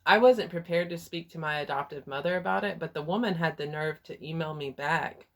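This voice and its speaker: A woman's voice: low-pitched, fairly quick. A woman from Texas with a Texas accent, telling a personal story in a frank, candid way with some hesitations. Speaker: vlogger and life coach.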